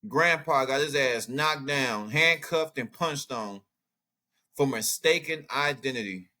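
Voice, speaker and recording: Bright-voiced outspoken man commenting. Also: medium pitch, measured pace. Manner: animated, outspoken, thinks aloud while browsing maps and texts. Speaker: commentary channel host. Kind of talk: casual reaction commentary.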